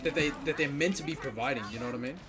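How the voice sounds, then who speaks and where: A man's voice: medium pitch, racing, over music. A young man, casually commenting on gameplay while ranting with lots of swearing and fillers. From Australia. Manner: ranting, profane, frequent fillers. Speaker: gaming streamer.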